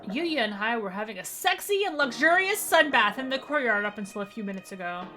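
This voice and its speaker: A woman voicing a courtly male pigeon gentleman in a deliberately bad, exaggerated French accent. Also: a little high, very animated, soft background music. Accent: fake French.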